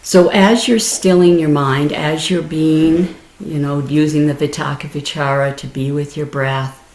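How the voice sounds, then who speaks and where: A woman meditation teacher giving a gentle, explanatory dharma talk, laughing easily and restarting her phrases. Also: low voice, steady tone, a little slow. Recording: roomy echo.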